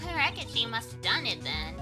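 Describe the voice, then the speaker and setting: A woman doing a loud Southern gal. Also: a little high, brisk, over music, pitched below the performer's own voice. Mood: gossipy. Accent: American Southern. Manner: loud, excitable, folksy drawl. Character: brash young Southern woman photographer.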